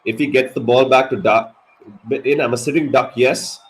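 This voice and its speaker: A man giving live ball-by-ball cricket commentary on a watch-along stream, excitable and swearing at big moments. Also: medium pitch, normal speed, rough recording. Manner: excitable, swears, animated reactions.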